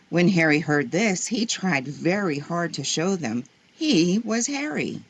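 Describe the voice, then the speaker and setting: A woman reading children's stories aloud in a slow, gentle, expressive way. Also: lowish voice, breathy edge. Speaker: storyteller. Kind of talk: children's story read-aloud.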